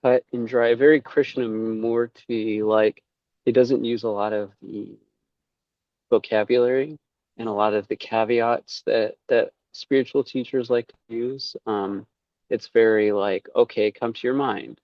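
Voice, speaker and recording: A man's voice: medium pitch, steady tone, unhurried, no room sound, muffled recording. A man talking casually as a podcast guest, rambling, with many fillers and quoted asides. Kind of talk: casual conversation.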